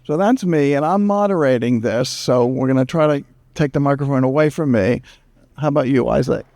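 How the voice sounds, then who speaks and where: Fast-talking male moderator from the US, a bit of fry, joking tone. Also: medium pitch, no room sound, studio quality. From United States. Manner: animated, jokey, fast-talking. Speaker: panel moderator. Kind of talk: lively panel talk. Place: screening event room. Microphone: handheld microphone.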